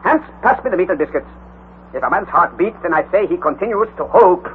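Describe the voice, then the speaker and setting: An actor playing an older, learned professor uncle who leads the expedition with commanding, declamatory speech, in an old radio drama with a tinny sound. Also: male voice, sits high, lively intonation, fairly quick. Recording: tinny lo-fi old radio recording with faint hiss.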